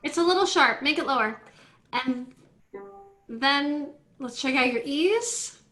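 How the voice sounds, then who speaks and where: Woman violin teacher, high and bright, giving quick, directive tuning cues over a video call with faint violin notes behind. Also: expressive, soft background music. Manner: brisk, directive coaching with light laughs. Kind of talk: online group class instruction. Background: faint violin notes from students.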